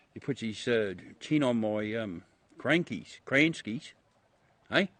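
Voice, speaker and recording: Speaking slowly with lively intonation, a middle-aged Australian livestreamer rambles to his audience outside at night. His fairly low voice has a bit of brightness, the recording is dry, and he's easygoing, chuckling and swearing often.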